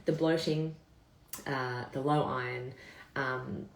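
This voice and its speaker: A woman with a low voice tells her story to viewers in a candid live chat. She talks casually, swears freely and keeps calling her audience "guys". The room around her sounds echoey. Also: steady tone, slow, creaky. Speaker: vlogger.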